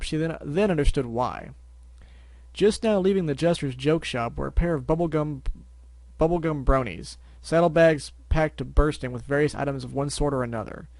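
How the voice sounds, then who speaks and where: A man's voice: on the high side, darkish tone, no room sound. A man reading fan fiction aloud as narrator, with wry asides and stumbling restarts. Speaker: story reader.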